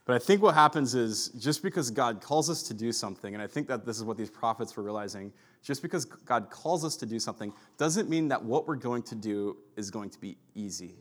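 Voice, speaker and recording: A man's voice: medium pitch, expressive, fairly quick, few pauses, fairly bright tone. A man preaching a sermon, telling a personal story in a chatty way with many fillers before moving into scripture. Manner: chatty storyteller, heavy use of "like". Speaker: pastor.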